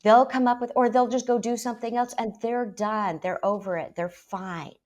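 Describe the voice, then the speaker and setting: A woman talking in a lively debate about parenting, emphatic and quick to act out how parents speak. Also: a little high. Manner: emphatic, quick to mimic parents in put-on voices.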